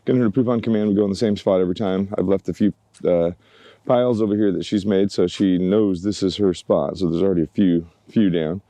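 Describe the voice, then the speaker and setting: A dog trainer with a low, mellow voice talks fast and casually into a handheld camera, vlogging as he takes his dogs out in a yard by the woods. Relaxed and chatty, he coaxes them along with pet names. The sound is dry and close, with no room sound.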